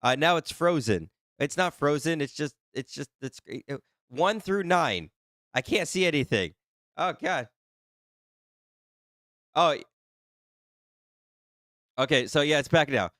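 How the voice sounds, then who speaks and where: Man, livestream host, casual chat, slightly high voice, dry close sound, flustered, teasing. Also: measured pace, pauses often, dry recording. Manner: flustered and excitable, laughing often, teasing viewers. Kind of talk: casual live-stream chat.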